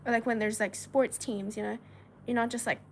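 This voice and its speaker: Woman from China, livestream host, reads chat aloud, giggly, fillers, fairly high voice, faint background noise. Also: steady tone, a little fast. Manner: chatty and giggly, many filler words. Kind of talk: casual livestream chat reading viewer messages.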